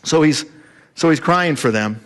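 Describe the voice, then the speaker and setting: A pastor delivers a sermon in a voice on the high side and a little slow, telling the story with animated energy and acting out the voices of the people in it.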